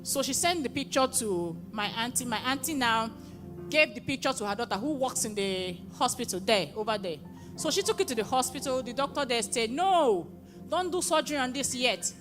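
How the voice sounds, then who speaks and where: A high-voiced woman gives an emotional testimony at a prayer conference, a live church gathering, often rising to excited exclamations. She speaks at normal speed, with music playing in the background.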